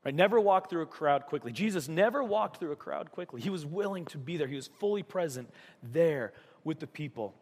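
In a church, a male pastor preaches his sermon conversationally and casually, acting out voices in his stories. His voice is on the high side, animated and brisk with a darkish tone, and the recording has a big-room sound.

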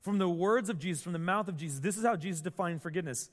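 A man delivers a sermon with lively storytelling, jumping into the voices of the people in his story. His voice sits slightly high for a man. The sound carries a long reverb, like a large hall. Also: racing. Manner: animated storytelling, acts out quotes. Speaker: pastor.

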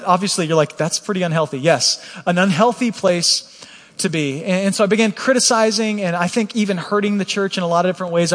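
Earnest high-voiced male preacher. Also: fairly bright tone, big-room sound. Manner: candid, earnest, with frequent restarts. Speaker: pastor. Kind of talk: personal testimony sermon.

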